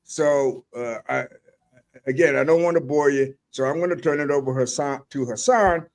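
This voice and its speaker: A man's voice: medium pitch, normal speed. An older man from the Eastern Shore hosting a casual discussion, hesitant and often restarting his sentences.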